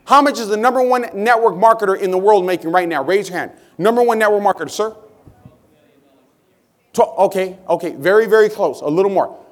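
A man leading a live motivational seminar at a sales convention, energetically shouting directions to the crowd. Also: high-pitched, a little fast. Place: large convention hall with a crowd. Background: crowd of hundreds.

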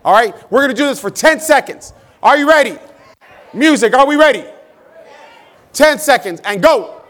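A man leading a live motivational seminar at a sales convention, energetically shouting directions to the crowd. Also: very high voice, lively intonation, moderate pace. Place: large convention hall with a crowd. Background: crowd of hundreds.

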